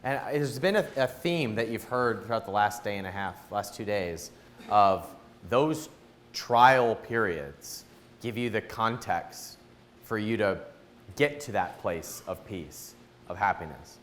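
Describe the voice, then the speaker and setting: A man's voice: fairly low pitch, animated, measured pace, fairly bright tone. Man, event host, stage interview, jokey, faint background hum. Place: event hall with live audience.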